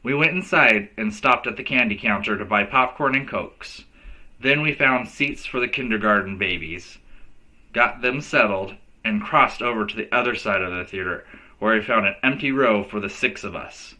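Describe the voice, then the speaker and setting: A man's voice: on the low side, moderate pace, rough recording. A male teacher reading a children's novel aloud to kids, giving each character a voice. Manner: lively storyteller who voices each character.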